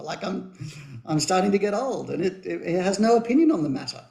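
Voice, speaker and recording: A man chatting on a radio show, telling anecdotes in an animated way and laughing often. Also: high-pitched, normal speed, vocal fry, echoey room. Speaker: radio co-host. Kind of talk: casual radio chat.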